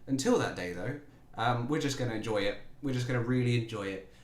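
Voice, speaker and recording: A man's voice: mid-range voice, fast talker. A man giving casual, jokey let's-play commentary, talking playfully to his players. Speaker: gaming YouTuber. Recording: roomy echo.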